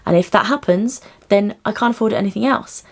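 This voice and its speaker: A young woman who works as cabin crew, chatting excitedly to camera in a casual vlog. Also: mid-range voice, a little fast. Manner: bubbly and chatty, often squealing with excitement.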